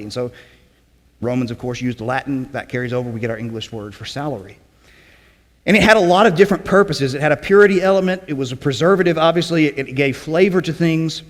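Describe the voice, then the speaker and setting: Man preaching in a reverberant hall. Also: on the high side. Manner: conversational teaching, frequent "okay?" check-ins; clears throat often. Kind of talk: sermon. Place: church sanctuary.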